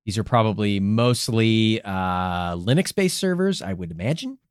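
A man's voice: on the low side, expressive, moderate pace, clean tone, no room sound, studio quality. A man co-hosting a casual podcast, rambling and swearing as he jokes through his points. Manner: rambling, profane, joking. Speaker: podcast co-host.

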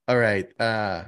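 This podcast co-host has a lowish, fairly bright voice captured cleanly. He's jokey in casual conversation, reading out news stories and riffing on each one.

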